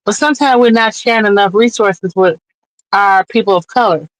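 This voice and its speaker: A woman with a medium-pitched voice appears as a guest on a streamed interview show, pleading her cause with earnest passion and occasional tearfulness. She talks at a normal speed into a remote streaming mic; the audio is dry and low-quality.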